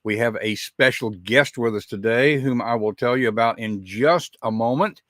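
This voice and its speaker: A Southern American man opens his live show in a relaxed, folksy way, with a mid-range voice. His talk is full of small fillers and asides. The sound is dry, with no room echo. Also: medium pitch, normal speed. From Southern United States. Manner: chatty, folksy, with frequent uh fillers. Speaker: podcast host.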